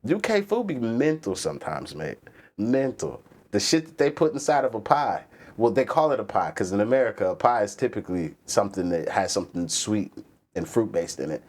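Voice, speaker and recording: A man from the East Coast US with a fairly low voice hosts a relaxed live stream. He talks casually and profanely, riffing on topics and answering his chat as he goes. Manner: profane, animated, rants and reads chat aloud. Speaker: livestream host.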